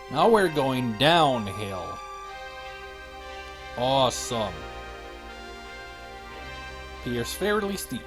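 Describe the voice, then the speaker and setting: A man's voice: mid-range voice, very animated, extremely slow, pauses often. Guy streaming an old game, snarky running commentary, swoopy voice. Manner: sarcastic, talks back to the game. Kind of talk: gaming commentary. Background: game music.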